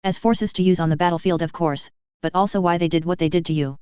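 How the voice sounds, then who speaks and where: A woman's voice: on the low side, steady tone, fast, a little mellow, clear, resonant tone, dry recording, close to an everyday voice. A woman voicing a cold, calculating male alien commander who muses coolly. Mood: musing. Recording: dull, muffled dry recording.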